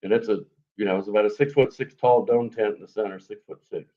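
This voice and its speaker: A man's voice: lowish voice, fast. Man telling a story in dull lo-fi sound. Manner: animated, lively retelling with fillers and sound effects. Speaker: guest telling an encounter story. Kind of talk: casual storytelling on a live show.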